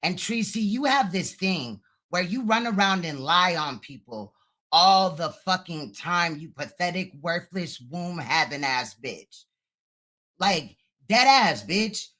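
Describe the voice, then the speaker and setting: A woman's voice: fairly low pitch, animated, takes it slowly, a bit bright. A woman hosting a livestream, ranting with profane, insulting retorts. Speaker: live stream host. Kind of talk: heated reaction livestream.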